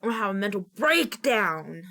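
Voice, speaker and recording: A woman's voice: mid-range voice, sing-song, a little fast, vocal fry, pushed and bright. A woman streamer chatting casually on a live stream, rambling and frustrated, sometimes slipping into goofy baby talk.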